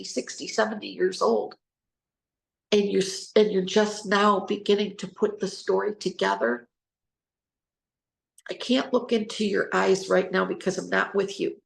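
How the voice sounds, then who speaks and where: Recorded in an echoey room, a woman with a gravelly, mid-range voice hosts an informal talk on trauma recovery. She is earnest and rambling, often spelling words out and restarting her sentences.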